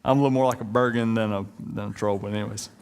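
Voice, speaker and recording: A man's voice: lowish voice, steady tone, rapid-fire, darkish tone, clean tone. A man, preaching a sermon in a conversational, joking way and addressing the congregation as y'all. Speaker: pastor.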